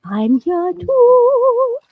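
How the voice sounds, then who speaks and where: A woman's voice: extremely high pitch, sing-song, very slow, no room sound, phone-quality sound, pitched above the performer's own voice, exaggerated voice. A woman voicing an impatient little boy in a story she reads out on the radio. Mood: hushed. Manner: huffy, then hushed.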